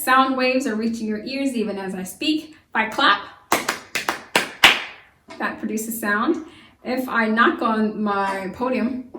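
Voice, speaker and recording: A woman teaching a science lesson to young children, lively and full of questions that she answers herself. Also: a little high, distant mic, slight background noise. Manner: lively, asks the class questions and answers them. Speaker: homeschool teacher. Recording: echoey room, voice from away from the mic.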